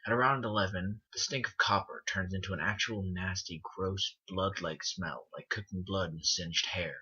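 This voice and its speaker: A man narrating a first-person horror story as an earnest storyteller, restarting phrases and slowing down on the creepy parts. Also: deep voice, fairly even intonation, sharp tone, slightly rough. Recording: dull lo-fi recording with music behind. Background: music bed.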